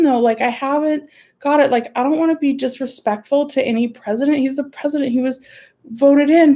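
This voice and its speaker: A woman hosts an emotional livestream from a room at home, speaking into a computer mic. Her voice sits high with a dark tone as she rambles, frustrated and close to tears.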